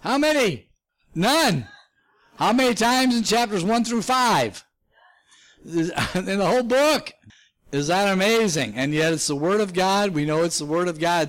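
High-pitched, emphatic preaching man. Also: lively intonation, moderate pace, fairly bright tone. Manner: emphatic, with frequent pitch jumps and chuckles. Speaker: pastor. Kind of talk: sermon Bible teaching with slides.

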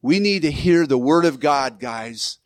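A pastor preaching in church speaks a little slowly and expressively, his voice somewhat high for a man. His delivery is loose and conversational, with restarted phrases and occasional chuckles, and the dry sound has no room echo.

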